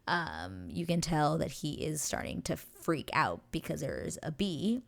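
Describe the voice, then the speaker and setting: A woman's voice: low-pitched, very animated, a little slow, vocal fry. A young woman hosting a show, casually recapping a scene in a gushing, breathless way. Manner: gushing, breathless retelling with acted quotes. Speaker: show reaction host.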